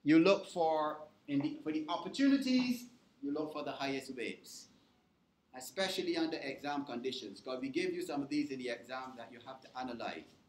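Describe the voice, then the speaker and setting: A man with a fairly high, expressive voice lectures a university class at a brisk pace, often pausing to check that students are keeping up. The recording comes from an echoey lecture hall and carries slight background noise.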